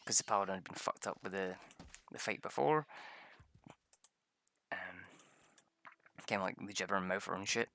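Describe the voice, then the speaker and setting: A man's voice: deep voice, steady tone, moderate pace, creaky, long pauses, bright, forceful tone. A man telling a rambling story about a tabletop game session, swearing often and laughing a lot. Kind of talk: casual storytelling.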